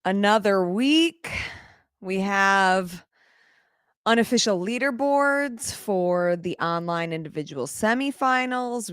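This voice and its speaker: Woman, livestream host, casual chat, candid, laughs often, smooth resonant voice. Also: on the low side, no echo, studio quality.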